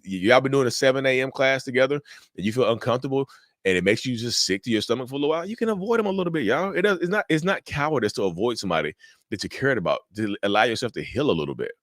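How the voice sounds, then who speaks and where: A man's voice: medium pitch, expressive, rapid-fire, no echo, clean studio sound. A man hosting a mental health channel, giving casual, repetitive advice straight to viewers. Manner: direct, repetitive, addresses viewers as y'all.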